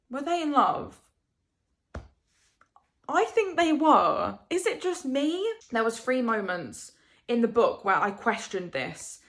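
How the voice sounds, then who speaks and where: A woman's voice: a little high, a bit bright. A young woman vlogging a casual book review, rambling emotionally and asking rhetorical questions.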